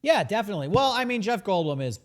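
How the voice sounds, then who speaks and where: A man co-hosting a casual movie discussion show, animated and slipping into mock voices when quoting scenes. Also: high voice, fast talker. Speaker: podcast co-host.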